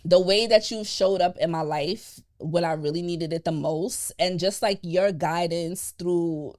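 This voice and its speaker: Low-voiced woman hosting a heartfelt podcast. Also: unhurried. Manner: animated, laughing, emotional. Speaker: podcast host. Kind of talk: casual heartfelt chat. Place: podcast studio.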